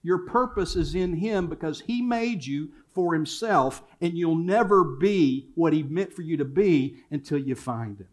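A man's voice: a little high, unhurried, few pauses, a little mellow. An older man preaching a sermon in a church, telling family stories and repeating key phrases for emphasis. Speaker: pastor. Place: church sanctuary.

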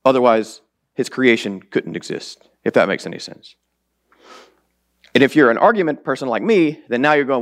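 A man's voice: medium pitch, sing-song, normal speed, long pauses. A man preaching a sermon in a church in a casual, rambling, self-deprecating way, his voice a bit strained. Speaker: lay preacher. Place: church sanctuary.

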